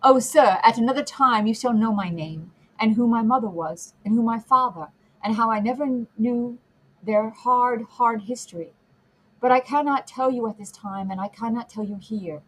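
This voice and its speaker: A tender young daughter pleading softly with her father, as a woman reads her. The voice is breathy and fairly high, imploring in long, repeated phrases, like a storybook scene. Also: normal speed, poor audio. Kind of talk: audiobook character reading.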